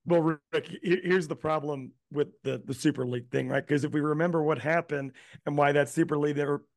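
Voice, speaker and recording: A man's voice: a little high, fairly even intonation, a little fast, no echo. A man co-hosting a casual sports podcast, laying out his argument step by step. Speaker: podcast co-host.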